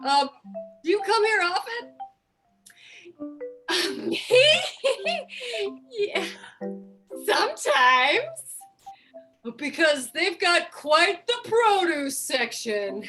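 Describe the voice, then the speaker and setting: Giggly female improviser, very high and unhurried, bright tone. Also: very animated, faint music behind. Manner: giggly, sweetly chatty. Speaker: improv player. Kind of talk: improv comedy scene. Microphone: video call.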